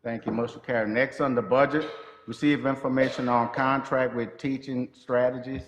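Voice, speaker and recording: A man chairs a public meeting in a loud, brisk, joking way and holds his voice to a flat, narrow range. The recording is very echoey and muffled, with a faint hiss. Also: mid-range voice. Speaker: school board president.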